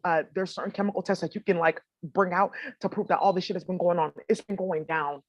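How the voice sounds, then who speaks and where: A woman vlogger rambles straight to her viewers in a loose, casual monologue. Her talk is full of swearing and slang. Her voice sits at a middling pitch, and the recording is close and dry with no room echo. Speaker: spiritual vlogger.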